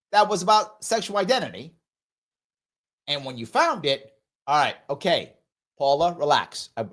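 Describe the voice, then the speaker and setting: Animated sarcastic male host. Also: a little high. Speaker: host of a live commentary show. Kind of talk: live show commentary, reading viewer chat.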